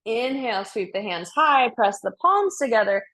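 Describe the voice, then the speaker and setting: A woman's voice: fairly high pitch, lively intonation, normal speed, fairly bright tone. A young woman leading a yoga class, calling out breaths and poses in an upbeat, playful way, slightly out of breath. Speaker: yoga instructor. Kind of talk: guided yoga class instruction.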